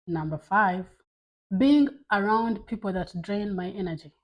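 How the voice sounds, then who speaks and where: Woman, husky voice, candid casual vlog talk, blunt, lots of fillers. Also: medium pitch, lively intonation, unhurried, rough recording. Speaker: vlogger.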